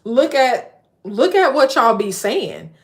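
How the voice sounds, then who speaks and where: Talking slowly in a slightly high, very animated voice, a livestreamer in her late thirties addresses her viewers directly. Her casual rant is blunt and forceful, built on lists she repeats to press her argument.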